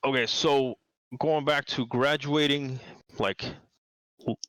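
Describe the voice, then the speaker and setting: A man's voice: medium pitch, steady tone, slow, a bit bright, dry recording, low-quality recording. A man, a game designer as the guest in a casual interview, rambling, repeating words and laughing often. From New York City.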